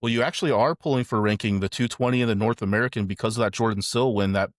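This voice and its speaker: A man hosting a casual interview, talking in a relaxed, loose way. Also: fairly low pitch, racing, dry recording, clean studio sound. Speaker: host.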